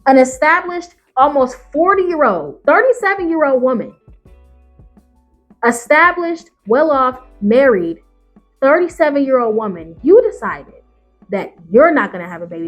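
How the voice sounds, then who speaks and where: A woman YouTuber giving ranting reaction commentary on Reddit stories, profane and emphatic, firing off rhetorical questions. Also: sits high.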